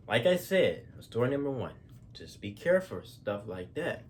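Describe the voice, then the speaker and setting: Low-voiced man casually rambling stories. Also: very animated, normal speed, a little mellow, a little hiss or hum. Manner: rambling, with many fillers and restarts, casual slang. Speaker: storyteller. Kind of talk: casual spoken storytelling.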